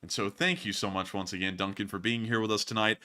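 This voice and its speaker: A man hosts a livestream in a bright, forward voice. He rambles casually, padding his thoughts with fillers as he answers questions and thanks his viewers. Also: lowish voice, steady tone, fast talker. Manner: rambling, chatty, frequent "uh" and "let's see here". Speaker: war news show host.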